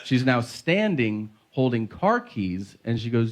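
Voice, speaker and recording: A man's voice: mid-range voice, sing-song, slow, slight background noise. A male stand-up comedian doing a crude, self-deprecating set and acting out conversations, recorded live on a club stage with audience laughter behind.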